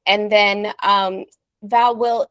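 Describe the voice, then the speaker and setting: A woman's voice: medium pitch, steady tone, slow, fairly bright tone, smooth, no echo. Chatty upbeat woman travel agent. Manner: upbeat, chatty, acts out little scenarios. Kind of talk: video call briefing. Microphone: video call.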